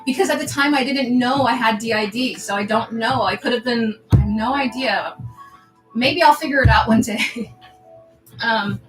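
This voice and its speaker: A woman's voice: on the high side, moderate pace. A woman livestreaming as she reads her diary aloud, stopping for asides and laughing often between lines. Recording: roomy echo, faint music behind.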